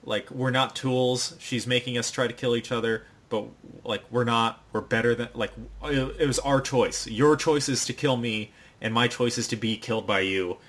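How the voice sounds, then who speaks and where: A man voicing a calm, earnest young girl in passing, in his own voice, halting over his words. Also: mid-range voice, close to an everyday voice.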